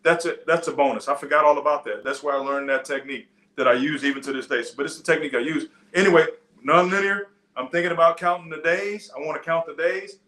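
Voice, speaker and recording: A man's voice: fairly high pitch, fairly even intonation, fast talker, few pauses, pushed and bright, roomy sound. A man preaching a sermon in a loose, conversational teaching style, with frequent restarts and side stories. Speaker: pastor. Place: church.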